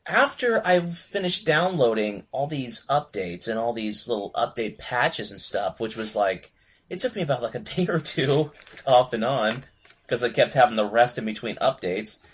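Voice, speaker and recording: A man's voice: medium pitch, lively intonation, normal speed, a bit bright, breathy edge. A young man co-hosting a casual gaming podcast, rambling with lots of fillers and laughing often. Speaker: podcast co-host.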